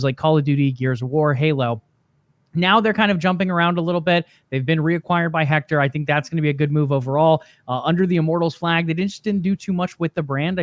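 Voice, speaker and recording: On a casual gaming podcast, a fairly high-pitched co-host chats in an easygoing way and chuckles at his own jokes. The recording is dry.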